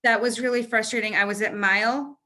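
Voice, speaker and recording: A woman in her thirties, a marathon runner, telling stories in an interview on a video call, animated, with quick restarts and fillers. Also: a little high. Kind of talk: conversational interview storytelling.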